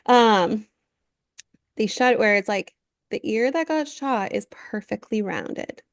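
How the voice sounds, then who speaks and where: A woman in her thirties co-hosting a podcast, blunt and sarcastic in casual chat. Her mid-pitched voice is recorded dry and close on a podcast mic. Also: takes it slowly, dry recording. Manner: sarcastic, blunt, animated storytelling. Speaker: podcast co-host.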